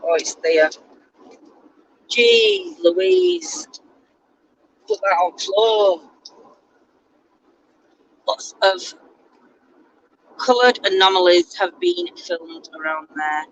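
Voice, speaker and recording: A woman's voice: medium pitch, big pitch swings, very slow, pauses often, poor audio. A woman, chatting casually and teasing herself during a road trip, recorded in a moving car. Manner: chatty, self-mocking. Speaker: vlogger. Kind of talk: casual chat. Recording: car noise in background.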